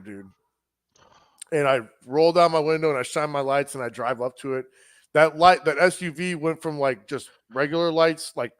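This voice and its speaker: A man's voice: on the high side, clear, resonant tone, no echo. A man co-hosting a podcast, telling a long story in a rambling, profane way and acting out other people's voices. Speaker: podcast co-host. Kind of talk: casual storytelling chat.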